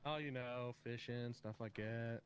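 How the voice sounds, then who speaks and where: A man with a smooth, resonant voice answers questions in role-play. His replies are quiet and short. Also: mid-range voice, steady tone, a little slow. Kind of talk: casual role-play banter.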